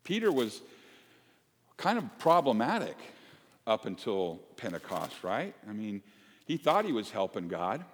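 Animated male pastor in an echoing church. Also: fairly low pitch, unhurried. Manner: conversational and animated, joking asides to the congregation. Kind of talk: sermon. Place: church sanctuary. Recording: long hall reverb.

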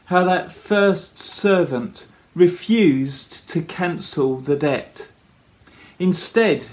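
Man preaching slowly, earnest, lots of questions to the congregation, kinda high voice for a guy. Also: darkish tone. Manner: earnest, rhetorical questions to listeners. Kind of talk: sermon retelling a parable.

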